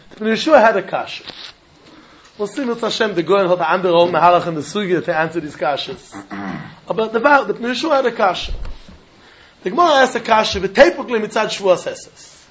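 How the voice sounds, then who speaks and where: A man teaching a Talmud class, animated and questioning, mixing in Yiddish and Hebrew terms. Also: high-pitched, brisk, dull audio, a little hiss or hum.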